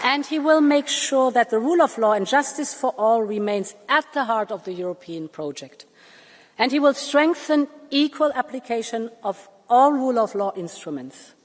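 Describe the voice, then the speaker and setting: Woman in her sixties, formal address to a chamber, emphatic, paced with pauses, long hall reverb. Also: a little high, animated. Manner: measured, emphatic, with deliberate pauses. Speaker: Commission president addressing parliament. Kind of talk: formal political speech. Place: large parliament chamber.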